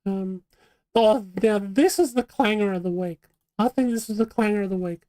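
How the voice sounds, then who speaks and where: A woman's voice: mid-range voice, normal speed, warm tone, no echo. A woman hosting a live vlog, chatting in a rambling, casual way with plenty of fillers and restarts. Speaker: vlog host. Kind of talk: casual live-stream chat.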